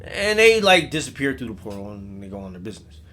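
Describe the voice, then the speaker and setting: A man's voice: lowish voice, very animated, fast, sharp tone. A man telling a comedic scary story in a casual, rambling way with lots of swearing.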